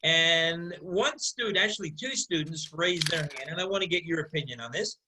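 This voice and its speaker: A man with a high, bright voice leads a casual group discussion. He asks questions and calls on others in an animated, inviting way. He speaks over a video call. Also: normal speed, husky, poor audio. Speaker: discussion leader and Hebrew teacher.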